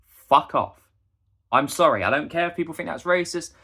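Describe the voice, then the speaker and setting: A man's voice: on the high side, quick pace, gravelly, pushed and bright, slightly rough. A young man, delivering a heated, indignant rant straight to the camera. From England. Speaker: busker and vlogger. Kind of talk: ranting monologue to camera.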